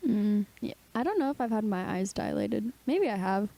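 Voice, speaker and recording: A woman's voice: medium pitch, lively intonation, normal speed, vocal fry, mellow. A young woman co-hosting a podcast in casual chat, saying "like" often and sounding tired. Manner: chatty, says "like" often, tired. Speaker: podcast co-host.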